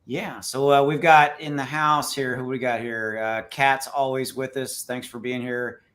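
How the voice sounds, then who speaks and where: A man's voice: medium pitch, steady tone, measured pace, fairly bright tone. A man hosting a casual live crypto chat, talking loosely and teasing his guests with lots of fillers. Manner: loose, joking, filler-heavy. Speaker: livestream host.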